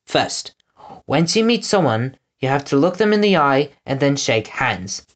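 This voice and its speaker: A man's voice: medium pitch, very animated, a little slow. A man voicing a prim, bossy young girl who lectures on manners. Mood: instructing.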